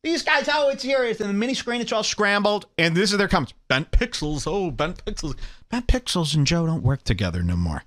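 A man's voice: high-pitched, big pitch swings, fast, few pauses, fairly bright tone. Brash, sarcastic man ranting. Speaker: podcast host. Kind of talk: provocative comedic rant.

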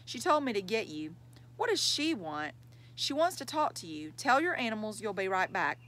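A woman's voice: mid-range voice, big pitch swings, normal speed, a bit bright, slight background noise. Woman doing a taunting big sister. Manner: mocking, taunting. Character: teasing older sister, preteen girl.

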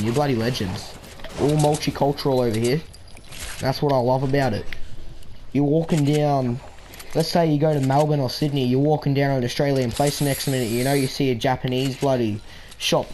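A man's voice: medium pitch, fairly even intonation, a little fast, warm tone, slight background noise. A man chatting playfully in voice chat while gaming, putting on a broad Australian voice full of slang. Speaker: gamer trolling in voice chat.

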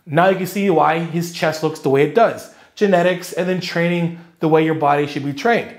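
A man's voice: a little high, moderate pace. A man coaching fitness in casual commentary, talking energetically with slang and thinking aloud.

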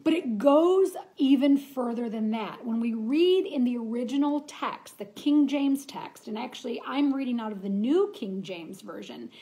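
Brief: woman, fairly high voice, earnest chatty devotional teacher. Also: moderate pace, hardly any pauses, warm tone. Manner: earnest, chatty, with frequent restarts and reading aloud. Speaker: Bible study teacher.

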